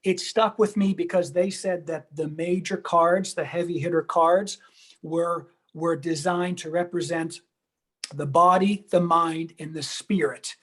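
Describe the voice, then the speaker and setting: A man's voice: on the high side, fairly even intonation, a little slow, a bit bright. A man being interviewed over a video call, earnest and enthusiastic, often repeating words as he searches for them. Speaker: guest, tarot teacher.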